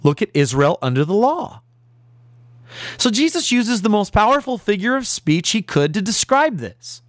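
A male pastor preaching with emphasis, his points stacked in rhetorical lists. His pitch swings widely as he drives each point home, and the recording is dry and close with little room sound. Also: very animated, normal speed, no echo. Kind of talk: sermon.

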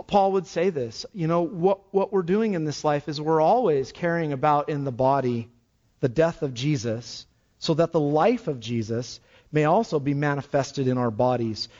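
Male pastor, sermon delivery, somewhat high voice, dramatic swings from loud to hushed, muffled lo-fi recording. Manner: dramatic, swings between loud exclamations and hushed low passages.

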